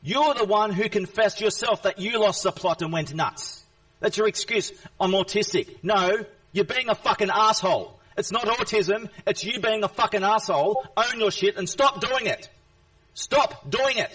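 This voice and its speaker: A man's voice: sits high, normal speed, fairly bright tone, far from the mic, low-quality recording. A man in an angry, confrontational rant at a chat viewer during a live stream, repeating himself and swearing.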